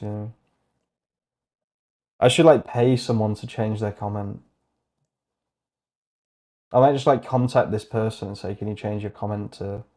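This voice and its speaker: A young man hosting a casual livestream, thinking aloud as he browses, excitable, laughing often and muttering asides to himself. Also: fairly low pitch. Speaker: host.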